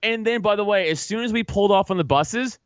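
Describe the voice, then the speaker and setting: Casual guest: New man, high lively voice, swears a lot, slightly dull dry recording. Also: fast talker, dry recording. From Staten Island, New York. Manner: profane, animated storytelling, laughs often. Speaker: podcast guest. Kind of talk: casual chat.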